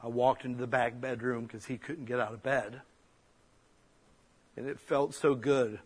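A man preaching a sermon in a plain, conversational way. He talks straight to the congregation, stressing points loudly and then falling quiet and soft. His pitch sits in an ordinary middle range. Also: fairly even intonation, a little slow, breathy edge. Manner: conversational preaching, swinging between loud emphasis and soft near-whispers. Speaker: pastor.

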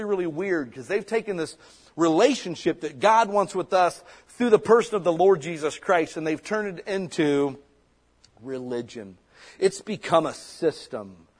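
A middle-aged pastor preaching a sermon in an impassioned, conversational way, full of rhetorical questions. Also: male voice, a little high, husky.

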